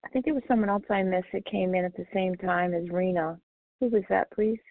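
A woman chairing a recovery meeting, brisk and organized, calling and repeating names. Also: fairly low pitch, no echo. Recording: tinny phone line.

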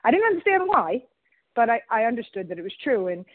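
A woman's voice: a little high, quick pace, no echo. A woman from Long Island, New York, sharing candidly at a recovery meeting and quoting family members. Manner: candid, animated, quotes others. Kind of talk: personal recovery share. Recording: tinny phone line.

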